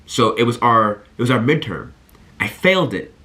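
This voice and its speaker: A man in his twenties talking to camera, giving earnest and animated college advice and telling stories straight to his viewers. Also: medium pitch, normal speed. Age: 20s. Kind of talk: energetic talk to camera.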